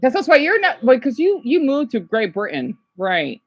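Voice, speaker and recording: A woman's voice: sits high, sing-song, moderate pace, husky, no echo, lo-fi sound. A woman streaming casually, rambling and chatting to viewers by name as she reacts to a video. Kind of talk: casual live-stream chat.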